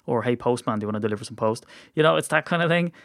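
Racing along with lively intonation at medium pitch, an Irish man hosts a casual sports podcast, rambling, self-deprecating and filler-heavy. Studio-quality audio with no room sound.

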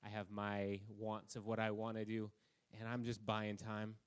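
A man's voice: lowish voice, monotone, moderate pace, clean tone. A man preaching a conversational sermon at a church service, telling anecdotes about himself. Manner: casual, self-deprecating, anecdotal. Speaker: pastor.

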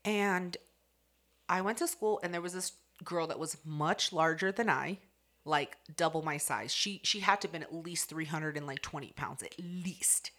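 A young adult woman casually telling a profane, animated story and acting out the people in it. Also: on the low side, normal speed. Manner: profane, animated, acts out the voices in her story. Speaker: co-host.

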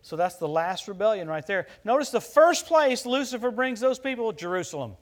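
A middle-aged man from the United States preaching a sermon, telling stories in an animated way that turns loud at the punchlines. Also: high voice, brisk. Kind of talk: sermon with personal story.

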